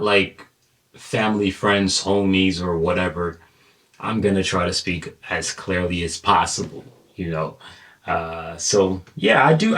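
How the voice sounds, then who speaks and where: American male reaction host, very low voice, loose and animated, sits a little back from the mic. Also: recorded from a distance. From United States. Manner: animated, repeats himself, says "bro" and "like". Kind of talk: casual reaction commentary.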